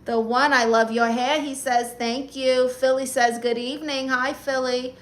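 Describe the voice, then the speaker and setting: A woman's voice: high-pitched, level tone, unhurried. A woman from Brooklyn with a New York accent, casually chatting on a live stream and firing sassy comebacks at viewers. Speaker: comedian live-streamer reading chat.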